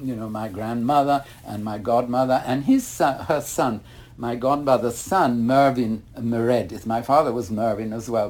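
An older man, a retired ballet master, telling long rambling stories in a casual interview. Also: medium pitch. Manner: rambling anecdotes, animated when retelling mishaps.

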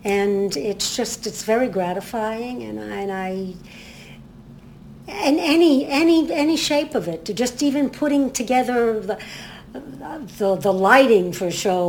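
An older woman chats about a stage show in a casual interview, circling back and restarting her sentences as she goes. Her voice sits at a middling pitch. A faint hiss of noise runs under the recording. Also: unhurried. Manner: rambling, many restarts, animated storytelling. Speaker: community theater actress, interview guest.

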